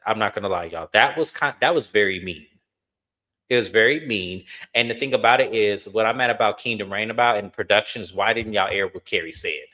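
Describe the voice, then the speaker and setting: A man with a bright, forceful voice recaps a reality TV reunion. He tells it in an animated, gossipy way, mixing plain commentary with louder acted-out quotes. His delivery is loose and conversational. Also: medium pitch. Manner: acts out quoted cast members in a raised voice.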